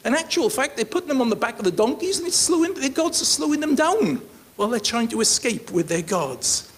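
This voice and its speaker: Animated man preaching a sermon. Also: very high voice, a little fast, breathy edge. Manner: animated, jokes with the congregation. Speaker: pastor. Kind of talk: sermon teaching. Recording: faint hiss.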